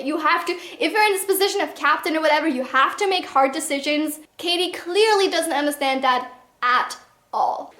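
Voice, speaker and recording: A young woman rants through a book review with sarcastic asides and casual swearing. Her voice sits high, and the room around her rings with echo. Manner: sarcastic, animated, swears freely.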